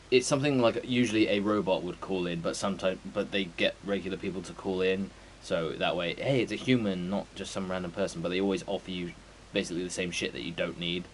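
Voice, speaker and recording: A man's voice: low voice, a little hiss or hum, rough recording. A man, streaming a game and chatting casually in a rambling, sweary way full of fillers. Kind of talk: casual chat before a stream.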